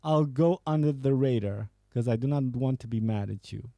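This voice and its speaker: A man's voice: medium pitch, moderate pace, mellow, dry recording. Man, podcast host, casual banter, profane, dry close sound. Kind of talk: casual chat reading viewer messages.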